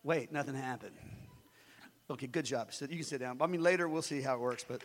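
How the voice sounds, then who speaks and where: A man's voice: mid-range voice, fairly quick. A male pastor preaching a conversational sermon with joking asides in a church. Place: church sanctuary. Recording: long reverb of a large hall.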